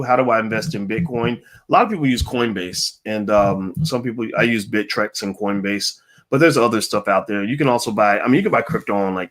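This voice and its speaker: A man's voice: on the low side, fairly bright tone. A middle-aged man hosting a casual livestream Q&A, reading viewer comments aloud in an upbeat way with frequent fillers. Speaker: host answering viewer questions.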